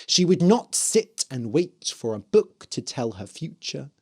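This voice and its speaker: A storyteller reading a fairy tale aloud slowly for English learners. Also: mid-range voice. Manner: slow, clear, expressive. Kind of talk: scripted narration for English learners.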